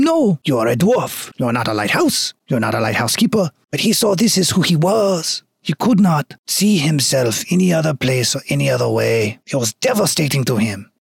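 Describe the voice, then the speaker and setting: A man's voice: on the high side, big pitch swings, moderate pace, gravelly, breathy edge, no room sound, clean studio sound, exaggerated voice. A man voicing a vengeful male vintner turned goop monster, with a fake French accent in a theatrical villain monologue. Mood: mournful.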